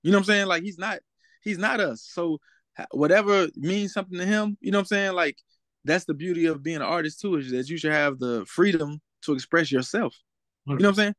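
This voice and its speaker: A man's voice: a little high, fairly quick, a bit bright, no echo. A young man as a guest in a casual interview, talking in a laid-back way and often asking "you know what I'm saying?".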